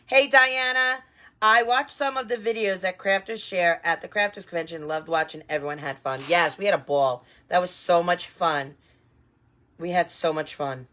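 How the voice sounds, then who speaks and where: Chatty lady doing a live wreath tutorial, lots of um and you know, slightly low voice. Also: moderate pace, sharp tone. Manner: chatty and upbeat, many fillers and asides to viewers. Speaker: wreath designer and craft instructor. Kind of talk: live craft tutorial with viewer shout-outs.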